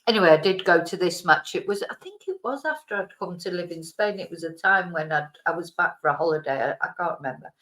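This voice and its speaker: A woman with a faded Manchester accent talks in a casual, rambling way, often stopping to correct herself. Her voice sits low for a woman. She laughs easily as she chats to her viewers. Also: lively intonation, quick pace, few pauses, a bit bright. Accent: Mancunian, softened. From Manchester, England. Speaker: vlogger. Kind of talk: casual chat. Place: home, lives in Spain.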